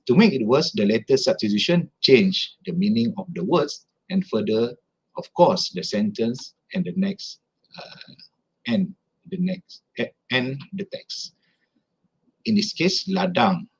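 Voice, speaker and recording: A man's voice: medium pitch, husky, rough recording. A man with a Malaysian accent giving a conference lecture, explaining carefully with examples and often restarting his phrases. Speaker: academic speaker.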